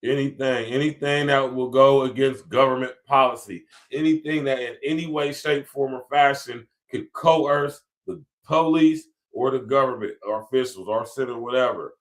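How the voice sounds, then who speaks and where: A man's voice: mid-range voice, moderate pace, few pauses. Emphatic man hosting a commentary podcast. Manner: emphatic, repetitive, reads passages aloud then riffs with slang. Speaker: podcast host.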